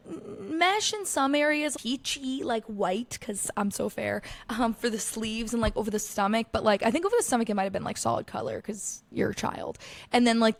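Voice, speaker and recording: A woman's voice: fairly high pitch, gravelly, no room sound. A young woman hosting a casual solo podcast, telling stories in a chatty way with lots of "like" and plenty of swearing. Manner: chatty, lots of "like", swears freely, quick asides. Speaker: podcast host.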